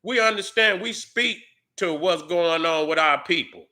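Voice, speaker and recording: Middle-aged male vlogger, angry profane rant, high bright edgy voice, shouts. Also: unhurried. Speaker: YouTube commentator. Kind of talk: heated commentary to viewers.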